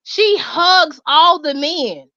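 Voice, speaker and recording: A woman, hosting and telling a story in an animated, emphatic way. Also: very high-pitched, extremely slow, dry recording. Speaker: host. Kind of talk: casual storytelling chat. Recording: dull lo-fi sound.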